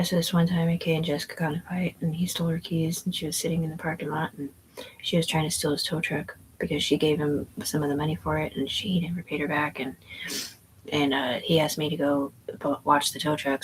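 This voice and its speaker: A woman's voice: deep voice, a little hiss or hum, low-quality recording. A woman telling a rambling story in casual chat, profane and meandering, full of fillers and restarts. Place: indoors at home.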